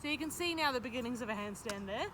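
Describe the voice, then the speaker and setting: A woman's voice: fairly high pitch, animated, fast, a bit bright. A woman teaching a dog trick in casual chat, breaking off to praise and cue her dogs. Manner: chatty, breaks off to praise dogs, beeping cues. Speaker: dog trainer. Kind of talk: casual instruction while training dogs. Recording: noisy outdoor recording.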